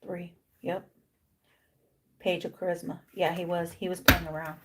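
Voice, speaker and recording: A woman's voice: lowish voice, little pitch movement, a little slow. A woman giving a casual tarot reading. She repeats herself for emphasis, drops Spanish slang words into her English, and acts out imagined lines for the figures on the cards. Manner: repetitive, emphatic. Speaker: tarot reader.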